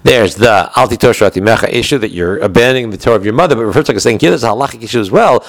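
A man with an American accent giving a lesson on Jewish law, explaining in a quick, conversational way with frequent restarts. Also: medium pitch, lively intonation, gravelly, no echo, rough recording. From United States. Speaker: Torah teacher.

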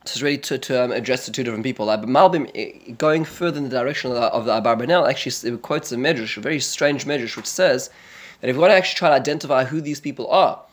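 A man teaching a text study lesson, reading verses aloud and translating them, halting and often repeating and restarting his words. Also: mid-range voice. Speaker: religious teacher.

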